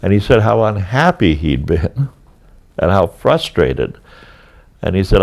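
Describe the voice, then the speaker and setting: Older canadian guy spinning theatre yarns, lowish voice, gets lively as he goes. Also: normal speed, gravelly. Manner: lively storyteller, rises in pitch when animated. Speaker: interviewee. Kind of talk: reminiscing anecdote.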